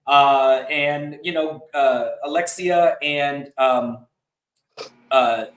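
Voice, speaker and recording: A man's voice: a little high, fairly even intonation, extremely slow, fairly bright tone, roomy sound, far from the mic, poor audio. A man hosting a podcast, recapping a reality TV episode in a casual, gossipy way and laughing often. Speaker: podcast host.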